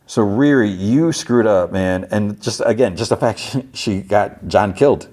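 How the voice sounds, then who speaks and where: Deep-voiced man recapping a show, rambling. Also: measured pace, darkish tone. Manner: rambling, filler-heavy retelling with acted-out quotes. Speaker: podcast host. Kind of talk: casual episode recap.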